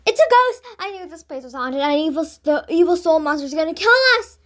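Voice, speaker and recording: Brief: woman reader as panicky high-pitched schoolgirl, loud, wailing, melodramatic. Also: measured pace, exaggerated voice. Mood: panicked. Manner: shrieking, melodramatic. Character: panicky dramatic schoolgirl Jane.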